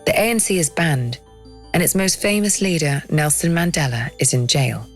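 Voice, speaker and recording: A woman's voice: sits low, soft background music. Woman narrating a spy documentary. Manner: measured, dramatic storytelling.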